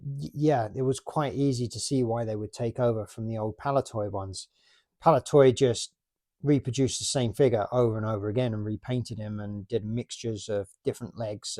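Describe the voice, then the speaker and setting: A man's voice: mid-range voice, warm tone. A man in his late forties from the UK, chatting casually and rambling about his toy collection. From United Kingdom. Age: 40s. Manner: rambling, chatty, self-mocking.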